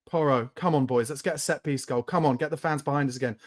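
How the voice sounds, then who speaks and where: Speaking quickly at a medium pitch, a man hosts a live fan watchalong. He narrates the match as it happens and loses his temper at his team, cursing and shouting in bursts.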